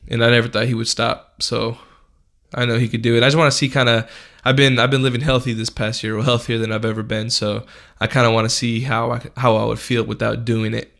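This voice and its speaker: A young man with a gravelly, creaky edge to his voice and an everyday middle pitch. He tells a podcast story in a loose, unhurried way, heavy on slang and swearing. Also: level tone, a bit bright. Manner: laid-back, profane, slangy storytelling. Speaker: podcast host. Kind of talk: casual storytelling.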